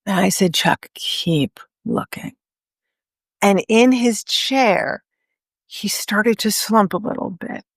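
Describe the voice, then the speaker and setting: Earnest woman telling a story, gravelly voice. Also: mid-range voice, dry recording, studio quality. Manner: earnest, emphatic storyteller with pauses. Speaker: guest author and speaker. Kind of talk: storytelling in a podcast interview.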